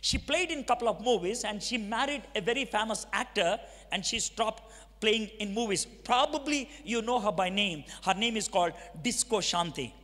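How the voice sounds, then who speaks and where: A middle-aged preacher with a Telugu accent and a strikingly high voice, telling his story to a crowd and acting out every exchange. His words ring through a big hall with a long, lingering echo. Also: lively intonation, moderate pace, a bit bright. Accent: Telugu-accented Indian English. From Andhra Pradesh, India. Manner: storytelling, acts out dialogue, asks the audience questions. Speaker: preacher giving his testimony. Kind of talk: dramatic testimony sermon. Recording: long reverb of a large hall.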